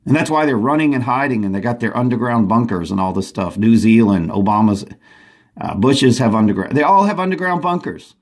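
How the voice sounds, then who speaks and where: A vlogger talks straight to the camera from home in a rambling, urgent, agitated monologue, frequently starting his sentences over. His voice sits at a medium pitch and sounds animated, moving along fairly quickly.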